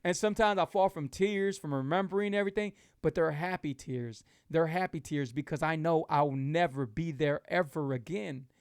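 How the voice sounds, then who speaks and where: A man's voice: on the high side, normal speed, hardly any pauses, clear, resonant tone, no room sound, clean studio sound. A middle-aged man, hosting a casual live talk for his viewers. He speaks with emphatic, repetitive, preachy encouragement. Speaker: host of a keto lifestyle show.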